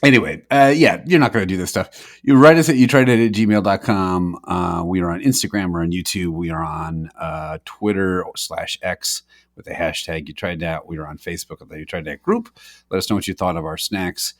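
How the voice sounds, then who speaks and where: A man's voice: sits low, a little fast, dry recording, clean studio sound. A man co-hosting a comedy podcast in casual chat, laughing often between his lines. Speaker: podcast co-host.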